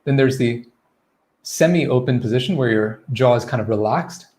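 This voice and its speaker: A man's voice: mid-range voice, moderate pace, a little mellow. A man teaching pronunciation in a live online Q&A lesson, modeling vowel sounds and checking in often with "okay?" and "right?".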